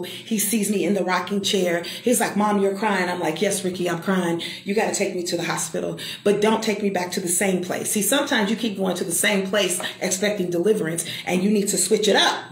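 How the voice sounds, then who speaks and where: A woman's voice: fairly low pitch, reverberant. Emphatic woman giving testimony. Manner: emphatic, calls to the listener. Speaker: motivational speaker. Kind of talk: personal testimony, preacher-like.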